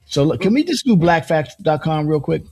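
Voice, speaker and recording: A man's voice: a little high, sing-song, a little fast, darkish tone, husky, no echo. A middle-aged man hosting a morning show in casual banter, rambling and joking with many restarts and asides. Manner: playful, joking.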